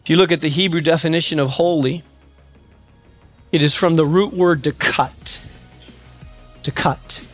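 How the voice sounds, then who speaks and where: A man preaching a sermon as pastor, building dramatically and rising to shouts on repeated refrains. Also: on the high side, fairly even intonation, measured pace, pauses often, faint music behind.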